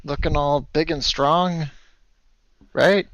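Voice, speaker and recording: A man's voice: a little high, steady tone, slow pace, fairly bright tone, no room sound, dull audio. A man playing a tabletop game, arguing his point in a persuasive, pushy way. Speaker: player. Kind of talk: in-character tabletop play.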